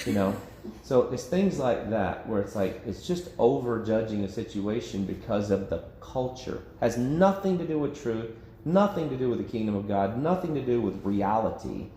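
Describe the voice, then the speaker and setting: Pastor, male, low voice, chatty Bible-study teaching, echoey room. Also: expressive, moderate pace, mellow, slight background noise. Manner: conversational, self-interrupting, laughs often. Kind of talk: informal Bible study discussion. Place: church meeting room.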